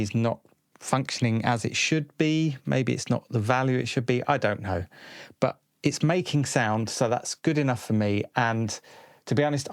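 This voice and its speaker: A man explaining a DIY synth build in a relaxed, tentative way, thinking aloud with small hesitations. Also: medium pitch, dry recording. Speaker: electronics video host. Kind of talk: casual hands-on explanation. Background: synth tones playing.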